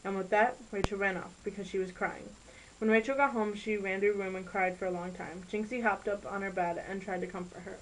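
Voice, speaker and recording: A woman narrating an amateur story in a plain, unhurried reading. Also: medium pitch, steady tone, slight background noise, poor audio.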